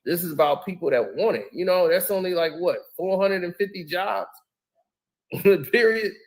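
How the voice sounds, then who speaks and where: A man with a high voice hosts a casual live stream. He talks in loose, animated slang and breaks into laughter often. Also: normal speed.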